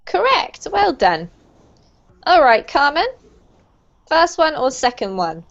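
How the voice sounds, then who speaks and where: A woman's voice: high-pitched, very animated, slow, gravelly, fairly bright tone, lo-fi sound. British woman teaching pronunciation online. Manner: encouraging, explains patiently, light laughs. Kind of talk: online group lesson. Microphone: video call.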